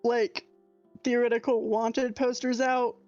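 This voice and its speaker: Young woman player in a tabletop game, kinda high voice, chatty and giggly, dull dry mic. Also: little pitch movement, slow pace, darkish tone, no room sound, soft background music. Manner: chatty, giggly, lots of likes. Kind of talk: casual tabletop game chat.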